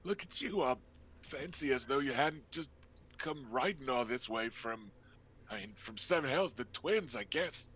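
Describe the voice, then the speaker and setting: A man's voice: medium pitch, expressive, unhurried, a bit bright, breathy edge. A man voicing an eager young nobleman who chats in a friendly, rambling way. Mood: teasing.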